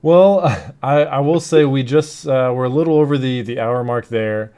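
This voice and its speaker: A man's voice: mid-range voice, moderate pace, dark tone, clear, resonant tone. Rambling casual male podcast host. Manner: rambling, many fillers and restarts. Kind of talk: casual chat.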